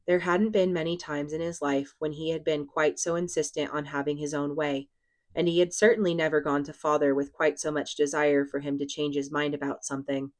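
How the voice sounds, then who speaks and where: A woman reading a novel aloud in a steady, even narration. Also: low voice, fairly quick. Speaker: audiobook reader.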